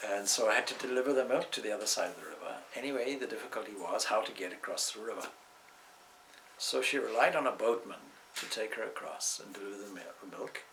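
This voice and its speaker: Brief: swami, male, low and gravelly, rambling storyteller at an indoor talk. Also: fairly quick, a bit bright, a little hiss or hum, low-quality recording. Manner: discursive, with asides and restarts. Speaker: swami giving a spiritual talk.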